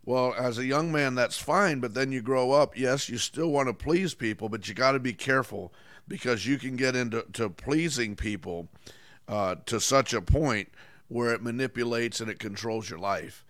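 A man's voice: mid-range voice, normal speed, a bit bright, no room sound. Man preaching a sermon. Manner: emphatic preaching with repetition and call-outs.

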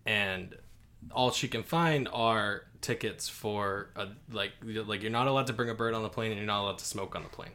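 A man's voice: fairly low pitch, moderate pace, pushed and bright. A man co-hosting a podcast, telling a long shaggy-dog joke in a rambling way, full of likes and rights. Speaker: podcast co-host. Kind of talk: casual joke-telling chat.

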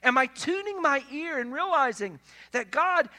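A male pastor preaches a sermon in a high, bright, ringing voice, expressive and at a moderate pace. His emphatic delivery shifts between hushed passages and loud, stressed lines.

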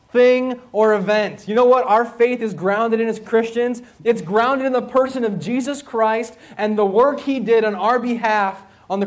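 High-voiced man preaching conversationally. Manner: conversational preaching with rhetorical questions and repetition. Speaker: school chapel speaker. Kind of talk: sermon.

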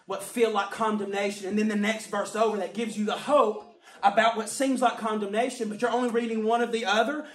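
A man preaching a sermon with passion, swinging from quiet, low remarks up to emphatic shouts. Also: little pitch movement, fairly quick. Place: church hall. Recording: roomy sound from a distant mic.

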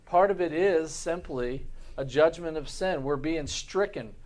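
A man's voice: fairly high pitch, measured pace, darkish tone. A man, a pastor, teaching a Sunday school class in an earnest way, often repeating words and putting rhetorical questions to the class.

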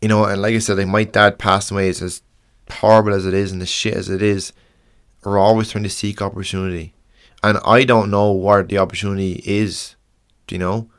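Young Irish male podcast host, slightly low pitch, frank and earnest, halting delivery with restarts. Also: little pitch movement, clean tone. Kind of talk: casual podcast monologue.

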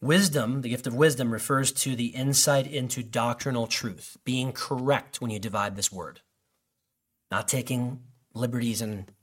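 A man's voice: medium pitch, fairly even intonation, normal speed. A man preaching a sermon in a loose, conversational way, with many restarts and fillers. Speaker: pastor.

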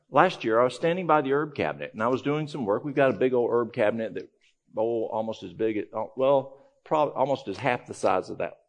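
A man giving a conversational, folksy talk to a live audience, telling a story with frequent restarts. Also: mid-range voice. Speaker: health ministry speaker.

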